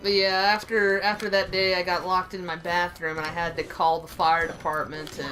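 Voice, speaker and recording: A young woman co-hosting a gaming stream, telling rambling, animated stories with lots of laughter. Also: lowish voice, brisk, faint music behind, poor audio. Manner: rambling, animated storyteller who laughs often. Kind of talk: casual chat over gameplay.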